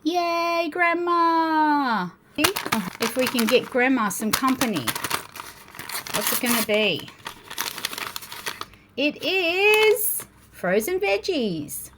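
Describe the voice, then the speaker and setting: Amid crinkling packets, plastic clicks, and a noisy background, a young Australian woman vlogs a toy unboxing and build, animatedly addressing both viewers and toys. She speaks in a high-pitched voice, very slowly, with long pauses.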